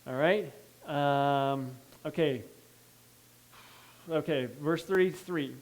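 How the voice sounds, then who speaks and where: Emphatic preaching man, fairly high voice. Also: takes it slowly, low-quality recording. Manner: preaching with emphatic swings from hushed to loud; reads scripture then breaks in with asides and checks like "okay?". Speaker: pastor. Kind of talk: sermon.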